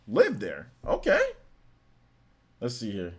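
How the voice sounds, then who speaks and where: A man's voice: medium pitch, a little fast. Guy in his 30s rambling on his live stream, voice goes all over the place, keeps laughing. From United States. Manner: animated, talkative, laughs often, reads chat aloud. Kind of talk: casual live stream chat.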